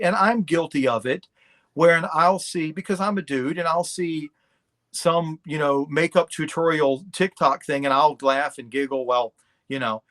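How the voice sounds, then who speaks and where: A middle-aged man appears as a guest on a podcast, speaking in a higher, fairly bright voice. In this casual interview he's candid and blunt.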